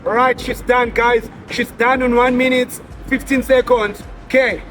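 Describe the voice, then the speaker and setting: A man's voice: very high voice, flat delivery, a little slow, a bit bright, a little hiss or hum. A young South African man hosting a street challenge, playful and teasing as he hypes up contestants outdoors. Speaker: host of a street challenge show. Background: music playing.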